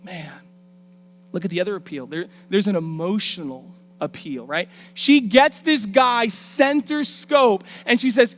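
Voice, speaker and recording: A woman guest preacher telling a Bible story in a lively, colloquial, street-smart way during a sermon. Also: mid-range voice, normal speed. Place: church.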